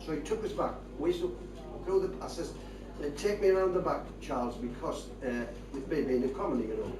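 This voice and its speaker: With lively intonation and a slightly quick delivery, an older Geordie man whose voice runs high tells chatty, rambling tall tales as a stand-up in a broad northern lilt. Recorded live from a distance in an echoey venue, the clip carries the audience's laughter.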